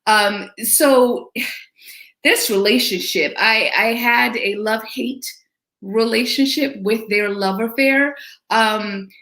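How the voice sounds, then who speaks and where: A woman's voice: fairly high pitch, takes it slowly, fairly bright tone. Woman talking movies in an echoey room. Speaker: podcast host. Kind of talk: casual movie discussion.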